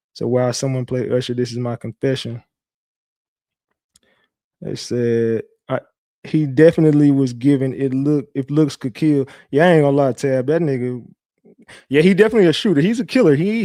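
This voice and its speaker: A man's voice: mid-range voice, moderate pace, dark tone, no room sound, studio quality. Brash, profane man hosting a livestream. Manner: brash, profane, boastful trash talk. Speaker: online show host. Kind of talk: livestream commentary.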